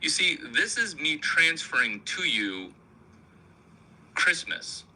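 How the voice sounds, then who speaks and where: A man's voice: a little high, very animated, takes it slowly, long pauses, sharp tone, low-quality recording. A man hosting a rambling comic monologue, provocative, crude and self-mocking. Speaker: comedian host.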